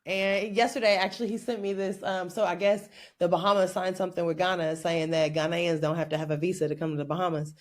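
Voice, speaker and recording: A woman from Oakland, California, a podcast guest telling stories in an animated, playful way and laughing often. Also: lowish voice, fast talker, few pauses. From Oakland, California, USA. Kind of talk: casual interview chat.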